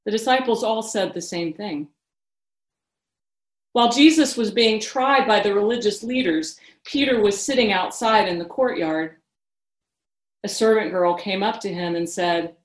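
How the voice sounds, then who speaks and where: A woman reading scripture passages in a measured, solemn way, in a church. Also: mid-range voice, roomy sound. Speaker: scripture reader.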